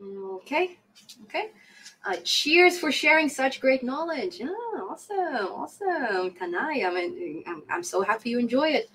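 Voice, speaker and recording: A woman's voice: fairly high pitch, expressive, a little slow, a bit bright, slight background noise, rough recording. Chatty woman hosting a coding live stream. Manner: chatty, laughs often, repeats phrases for emphasis. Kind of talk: casual live-stream Q&A reading chat comments.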